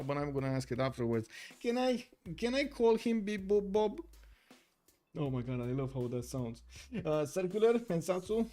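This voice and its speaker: Excitable guy casting a strategy game on stream, kinda high voice, chatty. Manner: excitable, chatty, many fillers and restarts. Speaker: tournament caster. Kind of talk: live-streamed game commentary.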